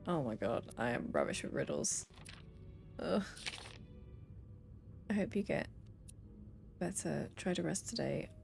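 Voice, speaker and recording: A woman's voice: deep voice, big pitch swings, measured pace, vocal fry, pauses often, darkish tone, soft background music. A young woman streaming a game, reading letters and notes aloud with playful asides.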